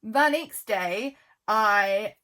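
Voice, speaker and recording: A woman's voice: medium pitch, lively intonation, very slow. Chatty woman, voice worn from filming. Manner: rambling, with frequent "um" and "like" and soft laughs. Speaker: junk journal vlogger. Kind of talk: casual chatty flip-through.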